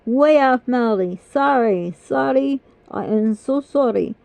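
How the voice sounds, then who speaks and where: A woman's voice: on the high side, measured pace, vocal fry, a little mellow, dry recording. An older woman vlogger chatting casually and rambling, apologetic and self-deprecating, talking through pain in her mouth. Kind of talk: casual chat. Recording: dull lo-fi dry sound.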